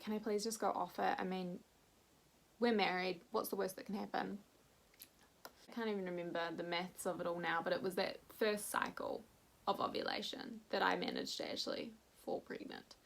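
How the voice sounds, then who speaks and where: Young aussie woman chatting to camera, candid and animated, acts out what people said. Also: mid-range voice, gravelly. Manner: candid, animated retelling with quoted voices. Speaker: vlogger. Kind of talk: casual storytelling chat.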